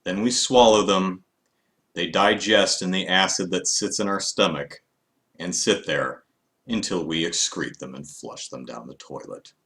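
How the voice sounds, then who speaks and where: Deep-voiced man rambling wryly. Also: unhurried, fairly bright tone. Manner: rambling, wry, chatty with frequent fillers. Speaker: vlogger. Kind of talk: casual live-stream chat.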